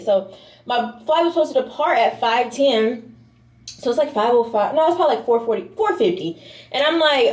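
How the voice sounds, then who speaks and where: A woman's voice: fairly high pitch, brisk, roomy sound. A young woman vlogger telling a story casually, swearing and acting out the people in it. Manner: animated, swears, acts out the people in her story.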